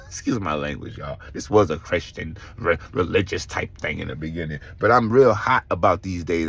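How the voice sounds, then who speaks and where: Man, middle-aged, fairly low voice, casual vlog storytelling, animated, swears a lot. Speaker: vlogger.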